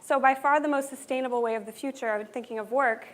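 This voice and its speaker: A woman's voice: high voice, fairly even intonation, fast. A woman giving a conference keynote to a live audience, talking in an upbeat, earnest and conversational way. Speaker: conference speaker.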